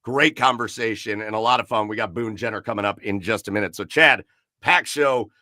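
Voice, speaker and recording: A man's voice: on the low side, brisk, sharp tone, no echo, studio quality. A man hosting a casual sports talk show, chatty and rambling, with frequent fillers and repeated words. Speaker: podcast host.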